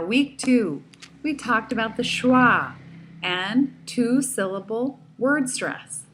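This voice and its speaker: Female pronunciation teacher, very slow and deliberate delivery, light background noise. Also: mid-range voice. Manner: slow, deliberate, repeating each word carefully. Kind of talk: slow recorded pronunciation lesson.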